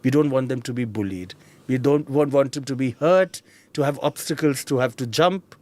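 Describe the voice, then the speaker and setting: A man's voice: mid-range voice, moderate pace. A middle-aged man with an Indian accent, telling personal stories as an interview guest and acting out the voices of the people in them. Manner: animated, mimics voices of people in his stories. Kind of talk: personal storytelling.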